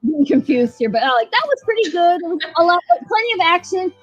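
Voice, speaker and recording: This woman's voice is very high-pitched and sing-song, and she talks fast with no room sound. As a podcast co-host she casually reviews a show, rambling, cursing and laughing through scene retellings, on a dull lo-fi recording with faint music.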